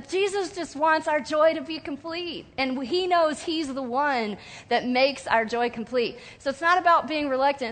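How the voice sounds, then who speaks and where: A woman preaching a sermon in an animated way, acting out whiny voices and sobs now and then. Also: high voice. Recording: long hall reverb.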